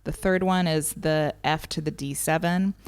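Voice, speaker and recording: A woman's voice: deep voice, steady tone, moderate pace, smooth. A woman teaching a ukulele lesson, patiently counting beats and calling out strum patterns. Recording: ukulele playing behind the voice.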